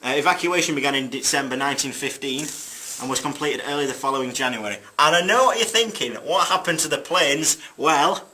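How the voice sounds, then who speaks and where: Bright-voiced young man narrating history. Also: fairly high pitch. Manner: jokey asides, hesitant fillers. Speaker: student presenter. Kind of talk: narrating a school history video.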